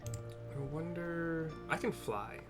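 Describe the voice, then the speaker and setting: A man's voice: a little high, slow, over music. A man narrating a video game casually, chatting and correcting himself as he goes. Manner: chatty, self-correcting asides.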